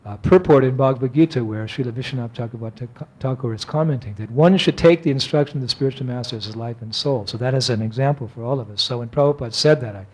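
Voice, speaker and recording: A man, a monk, giving an animated, anecdotal lecture and chuckling often as he tells stories. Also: medium pitch, fast talker, hardly any pauses.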